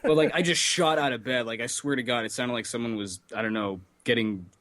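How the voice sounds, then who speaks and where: A man's voice: mid-range voice, fairly quick, a bit bright, no room sound. A man co-hosting a podcast in casual chat, laid-back, swearing and laughing. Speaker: podcast co-host.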